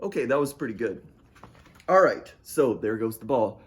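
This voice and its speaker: A man's voice: medium pitch, lively intonation, normal speed. A man reading his picture book aloud at storytime, playful and talking straight to young listeners. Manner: playful, talks to young listeners and asks them to join in. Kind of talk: storytime read-aloud for children.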